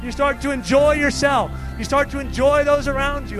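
A man preaching a charismatic sermon and praying over people, breaking into laughter and ecstatic shouts. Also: very high-pitched, normal speed, hardly any pauses. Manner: speaking in tongues. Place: church hall with live worship music. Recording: music playing behind the voice.

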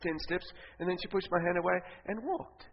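A man from Africa preaching a sermon, telling a story in an animated way that swings between loud bursts and hushed asides. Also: high-pitched, brisk, creaky, background noise. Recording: reverberant hall, slightly muffled sound.

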